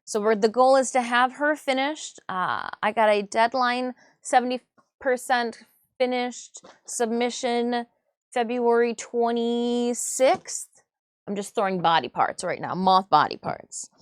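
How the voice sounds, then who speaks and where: A woman's voice: fairly high pitch, a little slow, smooth, no echo, studio quality. A woman hosting a casual live stream, rambling and chatty as she sorts craft supplies, with self-mocking asides. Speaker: livestream host.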